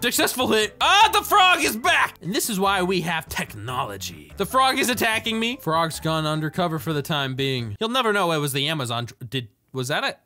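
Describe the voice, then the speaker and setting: High, lively goofy gaming commentator man. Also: fairly quick, few pauses. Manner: goofy, yelling and joking at other players. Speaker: gaming YouTuber. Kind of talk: excited let's-play commentary.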